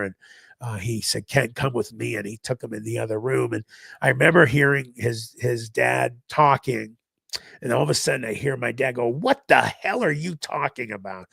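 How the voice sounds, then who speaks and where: Male podcast guest, animated storyteller, heavy vocal fry, dead dry sound. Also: mid-range voice, no echo. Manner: animated storytelling, acting out others in raised voices. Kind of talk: recounting a personal story.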